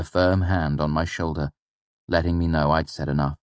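Male narrator for a first-person audiobook, very low voice, measured and reflective, in a dry booth. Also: steady tone, no room sound.

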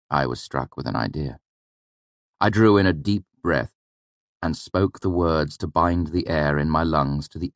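A man narrating a first-person audiobook in a low, deep voice. His reading is measured and steady, recorded close in a dry space. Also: no echo.

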